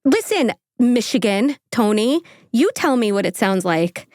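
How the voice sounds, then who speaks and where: A woman's voice: fairly high pitch, very animated, measured pace, darkish tone, no room sound. Woman, podcast host, sarcastic, casual swearing, dry recording. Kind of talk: true crime narration with banter.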